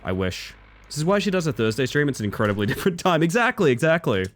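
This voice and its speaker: Fairly high in pitch and prone to big swings, this Australian man talks quickly against slight background noise. While gaming on a live stream, he chats with viewers, mutters under his breath, and lets out abrupt exclamations.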